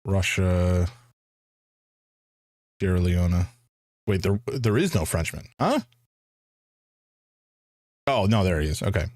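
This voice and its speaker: A man's voice: sits low, expressive, takes it slowly, pauses often, a little mellow, no room sound, clean studio sound. A man streaming a first playthrough of a detective game, thinking aloud in a hesitant way with frequent restarts. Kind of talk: casual live game commentary.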